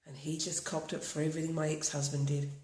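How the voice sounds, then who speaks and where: A woman's voice: low voice, little pitch movement, fast, a little mellow. A woman from Australia leading a guided tapping session, talking earnestly and repeating affirmations. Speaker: tapping practitioner. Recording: echoey room.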